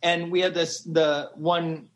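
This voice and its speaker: A fairly high-voiced man telling a story as a podcast guest. He talks with excitement, laughs often and wanders into asides. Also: slow. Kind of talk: animated storytelling.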